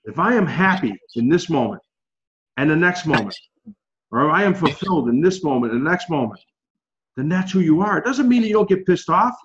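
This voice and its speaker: A man's voice: fairly high pitch, sing-song, brisk, muffled recording, noisy background. A man leading a casual group coaching call, talking in a chatty, encouraging way with lots of fillers.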